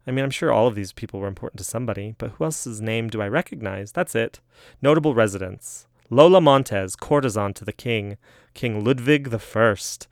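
Gravelly man musing aloud, dry sound. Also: lowish voice, dry recording. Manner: chatty, self-deprecating, thinks aloud. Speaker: solo host reading aloud. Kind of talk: casual rambling commentary.

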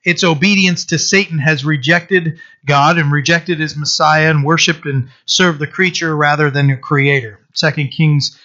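A man preaching a sermon and reading scripture, talking haltingly with many fillers and restarts. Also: fairly high pitch, steady tone, sharp tone. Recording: dull lo-fi recording.

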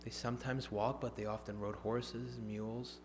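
A man preaching a sermon, swinging from emphatic, raised lines to hushed, near-whispered ones. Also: medium pitch, level tone, normal speed, background noise.

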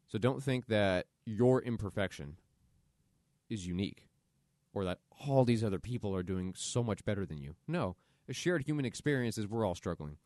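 A man's voice: on the low side, a little mellow, no echo, studio quality. A man hosting a solo podcast, talking earnestly and conversationally about self-compassion as motivational advice. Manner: earnest, conversational, acts out quoted inner voices. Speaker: podcast host.

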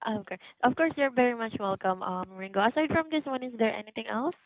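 A woman's voice: fairly high pitch, fast, no echo. Woman, customer service agent, polite, hesitant, many ums, tinny phone line, dry.

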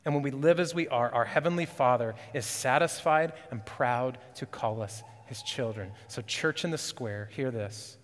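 A man preaching a sermon as pastor, earnest and urgent, rising on questions and dropping low and quiet for emphasis. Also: moderate pace, hardly any pauses, in a large hall.

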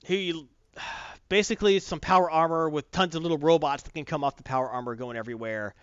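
Guy with a high lively voice trashing a comic, swears a lot, dry dull recording. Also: fairly quick, clear, resonant tone, dry recording. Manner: blunt and profane, mocking, animated. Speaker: comic book reviewer. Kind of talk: casual opinionated review chat. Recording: dull dry close-mic sound.

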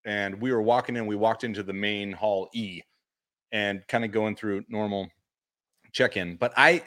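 A man co-hosting a casual podcast chat, telling stories animatedly and acting out quotes. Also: normal speed. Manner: animated storyteller, acts out quotes in high voices. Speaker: podcast co-host.

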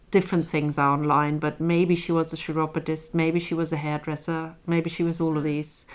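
A woman chatting casually as a co-host, thoughtful and a little hesitant, telling stories at length. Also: sits low. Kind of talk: casual chat.

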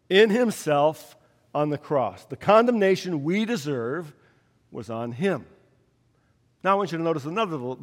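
A man delivers a sermon in a slow, emphatic manner, leaning on key words and pausing for effect. His voice sits a little high. Long reverb of a large hall trails each phrase. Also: a little mellow. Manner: slow emphatic preaching with dramatic pauses. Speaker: pastor.

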